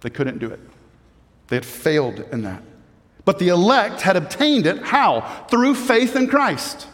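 A man's voice: high voice, very animated, unhurried, fairly bright tone, in a large hall. A man preaching a sermon as a pastor, building to emphatic peaks and often repeating words as he goes.

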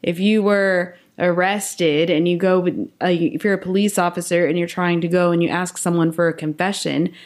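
A woman's voice: lowish voice, steady tone, normal speed, few pauses. A woman co-hosting a podcast, enthusiastic and affirming in a casual faith discussion. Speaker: podcast co-host.

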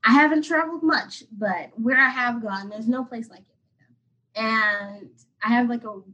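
A woman's voice: fairly high pitch, measured pace, pushed and bright, breathy edge, dull audio. A 21-year-old woman from Atlanta, a podcast guest telling a personal story casually and emotionally, rambling with lots of "like". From Atlanta, USA. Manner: rambling, heavy use of "like", emotional.

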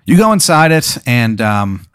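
A man's voice: mid-range voice, big pitch swings, measured pace, a bit bright, clean tone, no room sound, studio quality. A man telling a rambling, absurd hypothetical in casual talk, full of fillers. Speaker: podcast co-host. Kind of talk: casual improvised storytelling.

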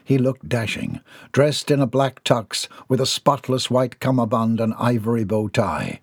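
Husky male audiobook narrator. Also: mid-range voice, a little slow, dry recording, studio quality. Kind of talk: scripted narration.

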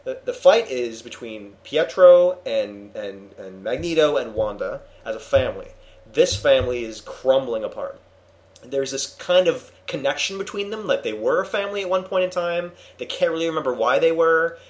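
A man hosting a casual comics discussion, retelling a story with animated enthusiasm and many restarts. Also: medium pitch, moderate pace. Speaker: podcast host reviewing comics. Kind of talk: casual chat.

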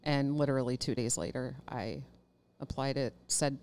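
Very low-voiced woman telling a story. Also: steady tone, moderate pace, darkish tone, clear, resonant tone. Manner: laughs mid-story, swears casually. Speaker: podcast co-host. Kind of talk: casual storytelling chat.

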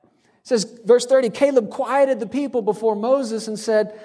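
A man delivering a sermon in a high-pitched voice. He stacks up repeated, emphatic declarations and fires off rhetorical questions at the congregation. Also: moderate pace, dark tone. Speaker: preacher.

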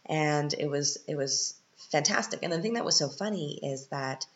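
A woman's voice: low-pitched, moderate pace. A woman hosting a casual solo podcast, chatty and upbeat with self-deprecating humor. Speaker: podcast host and parent. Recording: slightly muffled lo-fi audio.

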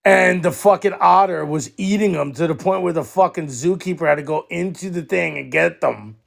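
A middle-aged man with a high, gravelly voice talks on a podcast. He swears freely and laughs through his stories. The talk is loose and joking. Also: moderate pace. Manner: profane, laughing storyteller. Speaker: podcast co-host. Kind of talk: casual comedic chat.

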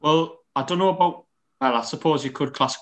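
A man's voice: a little high, brisk, fairly bright tone. A man in casual podcast chat who muses aloud and asks for agreement. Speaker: podcast co-host.

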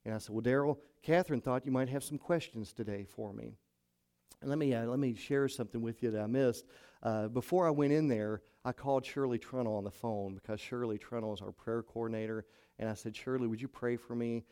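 A man's voice: mid-range voice, fairly quick, warm tone, smooth. A middle-aged male pastor telling a story from the pulpit, acting out each person's lines as he retells the conversations. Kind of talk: sermon storytelling.

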